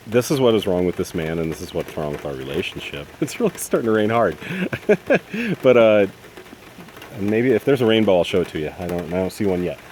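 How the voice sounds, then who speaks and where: A man's voice: low voice, sing-song, fairly quick, a little mellow, slight background noise. A man in his fifties rambling through a casual, profane vlog monologue about his father, filmed on his phone outdoors in the rain. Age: 50s. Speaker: vlogger. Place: outdoors in the rain, then under a roof and a tree. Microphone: handheld phone.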